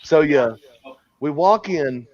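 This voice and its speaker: A man's voice: on the high side, animated, takes it slowly, darkish tone, dry recording. A man casually telling a long, crude story with frequent laughs and restarts. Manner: rambling, crude, laughing at his own story. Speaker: podcast host telling a story. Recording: dull lo-fi sound, dry.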